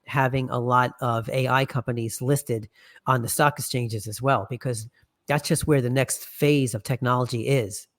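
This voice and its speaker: A man's voice: mid-range voice, steady tone, moderate pace, a bit bright. A man answering as a podcast guest, speaking confidently and often opening with "I mean". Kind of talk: casual interview answers.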